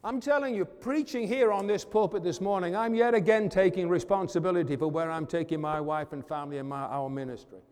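A man preaching a sermon as pastor, fervent, calling out to the congregation and swinging from loud declarations to hushed asides. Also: high-pitched, a little fast, few pauses, big-room sound. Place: church.

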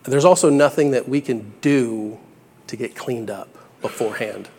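A young man preaches a sermon in a casual, heartfelt way, his medium-pitched voice dark in tone and slightly rough, moving at a moderate pace. He is earnest and conversational, building to bursts of emphasis as his mid-range voice climbs into emphatic peaks on key lines. A long church-hall reverb lets his words hang in the air.

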